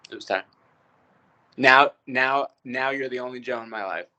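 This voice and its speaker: A man in his forties, a guest on a casual podcast, talking relaxed and joking with many fillers. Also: medium pitch, moderate pace, lo-fi sound. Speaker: actor, guest. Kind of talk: casual interview chat.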